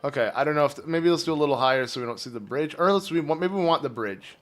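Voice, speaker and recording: A man streaming a game live, chatting casually and rambling to his viewers while his phlegmy throat keeps needing clearing. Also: a little high, expressive, very fast, fairly bright tone, soft background music. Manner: rambling, chatty, talks to chat. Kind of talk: casual live gameplay commentary.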